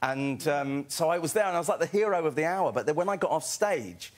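A man from England, a comedian, telling an animated anecdote on a talk show and laughing as he goes. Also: fairly high pitch, a little fast. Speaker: comedian guest.

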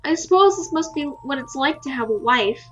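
A woman voicing a male Fae nobleman in a visual novel, reading his lines in a gentle, measured, earnest way. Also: high voice, animated, muffled recording, slight background noise. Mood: wistful.

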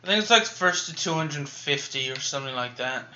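A man's voice: fairly high pitch, expressive, a little fast, bright, forceful tone, lo-fi sound, slight background noise. A man talking casually over gameplay of his video game, a little tired and chatty, rambling with frequent restarts. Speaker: gaming YouTuber.

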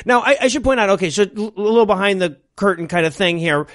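A man's voice: high-pitched, expressive, quick pace, a bit bright. A man co-hosting a podcast, casually mocking a movie as he retells its scenes with laughs and swearing. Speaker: podcast co-host. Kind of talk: casual comedic movie commentary.

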